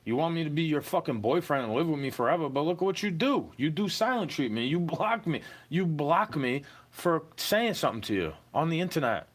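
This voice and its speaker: A man's voice: a little high, very animated, brisk, hardly any pauses. Aggrieved man ranting, swearing. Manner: aggrieved, profane, repeatedly says "bro". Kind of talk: ranting monologue to camera.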